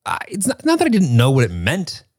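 A young man co-hosting a podcast in casual chat, musing out loud and explaining ideas with many restarts. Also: on the high side, wildly swooping pitch, fairly quick, no room sound, clean studio sound. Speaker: podcast co-host.

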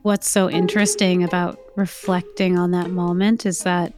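A woman's voice: on the low side, level tone, normal speed. Woman telling her own story, chatty and reflective, lots of like and you know, music playing under. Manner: reflective, uses many fillers like "like" and "you know". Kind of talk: personal storytelling.

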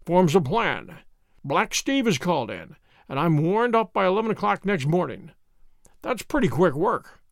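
Man voicing a crisp, sharp-witted detective. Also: sits high, very animated, moderate pace, no echo, clean studio sound, heavily acted. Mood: severe. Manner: crisp, teasing, commanding.

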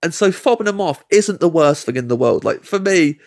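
An English comedian telling a long anecdote as a podcast guest, acting out the people in it and laughing mid-sentence. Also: male voice, on the high side, brisk. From England. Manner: animated, acts out quoted voices, laughs mid-sentence. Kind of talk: storytelling anecdote.

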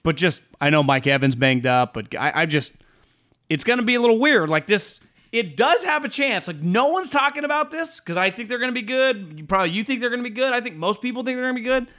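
A man co-hosting a sports betting podcast, talking in a rambling, animated way with frequent swearing and laughs. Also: very high-pitched, fast. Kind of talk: casual sports chat.

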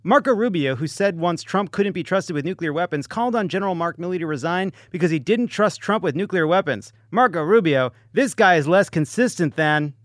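Man, podcast host, comedic banter, fairly high voice, dry close sound. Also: a little fast, few pauses, dry recording. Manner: joking, animated storytelling with punchlines.

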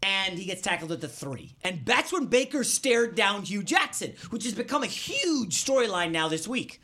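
A man hosting a sports betting podcast, telling stories in an excitable, animated way. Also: high-pitched, moderate pace. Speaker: podcast host.

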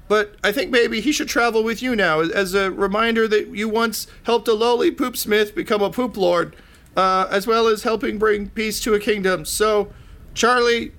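A man voicing an excitable lowly poop smith turned lord, eager and cheerfully callous. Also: moderate pace. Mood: grateful.

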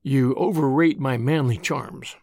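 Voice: medium pitch, sing-song, brisk. An audiobook reader voicing a wry, easygoing young man with a dry, understated wit. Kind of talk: audiobook reading.

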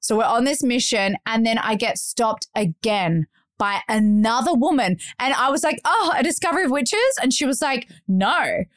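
A woman, hosting a podcast and telling stories in animated casual chat, laughing often and acting out voices. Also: a little high, moderate pace, no echo, clean studio sound. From Australia. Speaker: podcast host.

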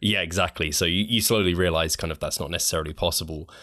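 A man with a very low voice chats on a podcast, agreeable and quick to laugh. The sound is dry and close to the mic. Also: fairly even intonation, pushed and bright, dry recording. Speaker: podcast guest. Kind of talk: casual podcast conversation.

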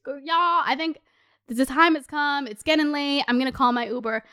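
A young woman telling a story in casual chat, animated and swearing, full of "like" fillers. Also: high-pitched, normal speed. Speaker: podcast host.

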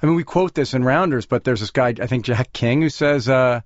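A man hosting a podcast interview, speaking haltingly and repeating words as he thinks. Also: mid-range voice, no room sound, dull audio. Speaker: podcast host. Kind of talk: casual interview conversation.

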